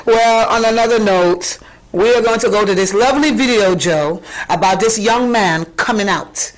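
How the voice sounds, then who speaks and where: A woman's voice: medium pitch, slow, rough recording. A woman hosting a casual talk show, teasing her co-host and laughing often.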